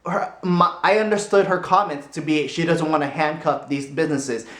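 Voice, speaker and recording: Brief: chatty male vlogger, fairly high voice, roomy echo around him. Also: moderate pace. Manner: rambling, animated, laughs easily. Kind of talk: casual opinion vlog. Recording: roomy echoey room.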